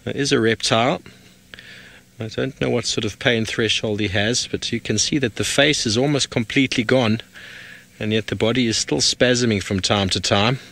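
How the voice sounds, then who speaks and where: A man guiding a live safari broadcast outdoors, talking viewers through a wildlife sighting in lively commentary. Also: mid-range voice, normal speed, creaky. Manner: animated, speaking to viewers directly. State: out of breath. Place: outdoors in the bush, on a game drive.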